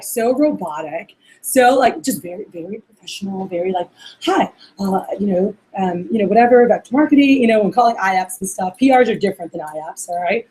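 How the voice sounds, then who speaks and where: Chatty high-voiced woman coaching receptionists. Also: a little mellow, low-quality recording. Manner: casual, chatty, acts out sample phone calls. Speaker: office manager training receptionists. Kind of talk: workplace training talk.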